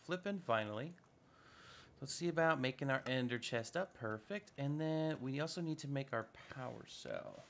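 A man's voice: medium pitch, moderate pace, creaky, a bit bright, slight background noise. A man giving casual, upbeat commentary while playing a modded block-building game, chatting to himself as he builds. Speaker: Minecraft modpack let's-play host.

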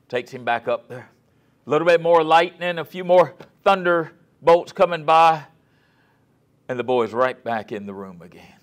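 A man giving a guest lecture on scripture in a folksy storytelling manner, asking the audience questions and sometimes dropping to a soft, near-whispered voice for emphasis. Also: mid-range voice, moderate pace.

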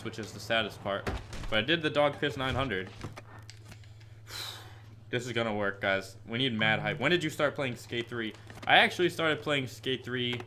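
Excitable 18-year-old male streamer, bright voice. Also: lowish voice, a little hiss or hum. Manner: chatty, bursts into excited frustrated yelps. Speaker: gaming streamer. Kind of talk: live stream gameplay commentary and Q&A. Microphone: headset with headphones.

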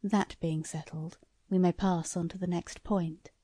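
Woman doing a shrewd greying lord, low and quiet, courteous, probing, mellow tone. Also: steady tone, measured pace, dry recording. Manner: courteous, probing, soft-spoken. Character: shrewd eager older lord, small man.

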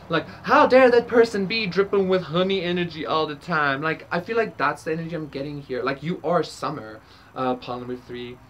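Low-voiced rambling tarot reader woman. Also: a little hiss or hum. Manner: rambling, frequent fillers, swears casually, laughs. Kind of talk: casual spiritual reading to camera.

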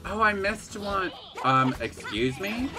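A man giving excitable live gameplay commentary, gasping and laughing as he reacts to the game. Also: sits high, slow, music in the background. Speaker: game streamer.

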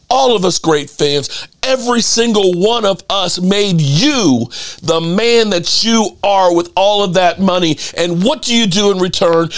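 A man's voice: sits high, a bit bright. Heated, profane man ranting. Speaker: sports channel host. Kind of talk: ranting commentary.

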